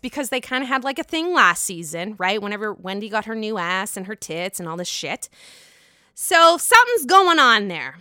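A woman hosting a podcast, recapping reality TV in a gushing, profane, animated way. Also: on the high side, smooth, no room sound, clean studio sound. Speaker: podcast host.

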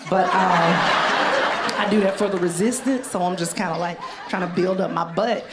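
A woman with a twang doing a stand-up comedy set in a club, animated and loud on her punchlines. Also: lowish voice, moderate pace. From Southern United States. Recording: live club with loud crowd noise. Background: audience laughter and chatter.

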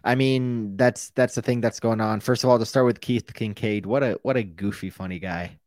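Animated rambling American podcast co-host. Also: male voice, fairly low pitch, normal speed, dry recording, studio quality. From United States. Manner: rambling, animated, swears freely. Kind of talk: casual sports chat.

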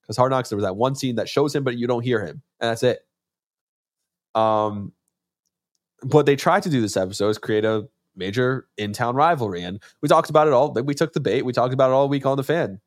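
A man hosting a sports podcast, talking casually and with passion, acting out quotes with sudden leaps in pitch. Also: a little fast, no echo, studio quality. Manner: animated, acts out quotes with sudden jumps in pitch.

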